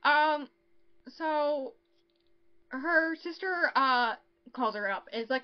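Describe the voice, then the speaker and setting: A woman with a high voice co-hosts a podcast, recapping a novel's plot at a moderate pace over dull-sounding audio. She's chatty, fills her speech with ums, and acts out the characters' lines.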